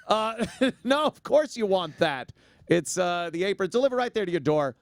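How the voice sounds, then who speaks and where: A man's voice: high voice, very animated, normal speed, no room sound, clean studio sound. A man hosting a casual talk show, joking around and doing a rambling live ad read with frequent laughs. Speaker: podcast host.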